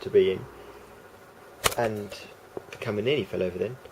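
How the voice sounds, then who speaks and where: A man's voice: fairly low pitch, normal speed, background noise. A man rambling through a casual vlog monologue, hesitant and full of restarts and fillers. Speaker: vlogger.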